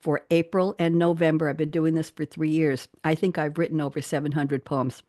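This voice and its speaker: A woman's voice: low-pitched, flat delivery, fairly quick, mellow, dry recording, studio quality. A woman guest on an interview show, chatting cheerfully, laughing often and reading her own poems aloud. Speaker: guest poet.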